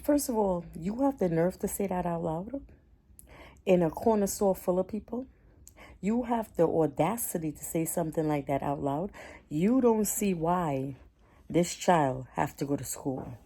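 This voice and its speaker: A woman's voice: on the low side, lively intonation, a little slow, mellow, slightly rough. A woman, telling a heated storytime rant to camera in a chatty, indignant way. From Caribbean. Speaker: vlogger.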